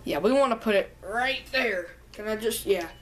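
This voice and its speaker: A woman's voice: on the high side, normal speed, slight background noise. A young woman casually commenting while playing a video game, rambling and joking with herself. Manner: chatty, rambling, breaks into humming and singing. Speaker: gameplay commentator.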